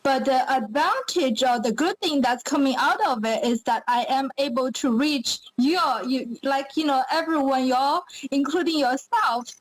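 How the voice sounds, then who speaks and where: Young woman, Chinese accent, high voice, upbeat chatty podcast guest, dry close sound. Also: measured pace, hardly any pauses, no echo, low-quality recording. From China. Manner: upbeat, chatty with many fillers. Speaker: pageant winner guest. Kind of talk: podcast interview.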